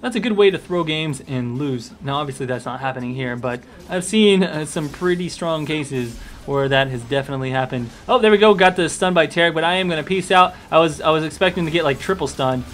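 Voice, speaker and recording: An upbeat young man talks through his own video game match in casual commentary, his voice sitting a little high. He gets excitable at the big moments and chats along with fillers, hiccuping here and there. A faint hiss of noise runs underneath. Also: brisk, few pauses. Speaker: gaming commentator.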